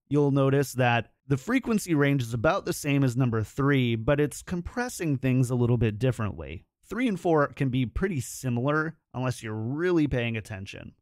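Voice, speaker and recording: A man presenting a microphone tutorial, explaining settings in a clear, instructive way and testing sounds close into a studio mic. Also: medium pitch, no room sound. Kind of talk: scripted product tutorial.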